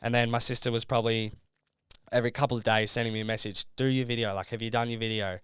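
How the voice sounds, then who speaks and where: A man's voice: medium pitch, flat delivery, quick pace, a bit bright, clear, resonant tone, no echo, studio quality. A young Australian man and reality show contestant, telling his story in a casual podcast interview, rambling with lots of fillers.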